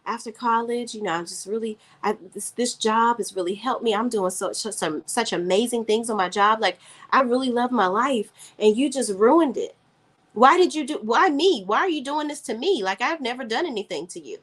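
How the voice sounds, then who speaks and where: Recap read: woman voicing a hurt, pleading young woman, high and lively. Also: normal speed.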